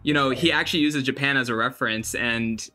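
Quick-talking young man hosting an interview. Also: medium pitch, bright, forceful tone, soft background music. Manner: friendly, stumbles over words. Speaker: interview host. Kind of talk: casual interview chat.

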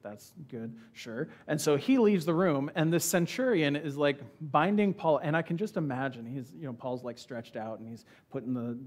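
A man preaching a sermon in a church, retelling a scripture passage in a casual, animated way and acting out the characters' lines. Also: medium pitch. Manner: conversational, animated storytelling with acted-out quotes. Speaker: pastor.

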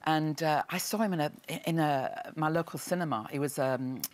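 Low-voiced English woman telling stories. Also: a little hiss or hum. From England. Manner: halting, repeats words and restarts, animated retelling. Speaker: guest, television writer. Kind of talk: chatty talk show interview.

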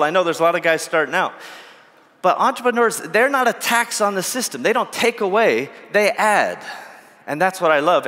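Brief: bright-voiced man, self-deprecating stage speaker, reverberant event hall. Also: a little high. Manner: self-deprecating, jokey, animated storytelling. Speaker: keynote speaker. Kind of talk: humorous live keynote talk. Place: large hall at a live event.

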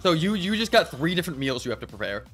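A man with a somewhat high voice talks through a co-op cooking game in loose, casual chat. He explains the rules as he goes, restarting his sentences and circling back. Faint game music plays under him. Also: very animated, fast talker, fairly bright tone. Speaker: streamer leading a co-op cooking game.

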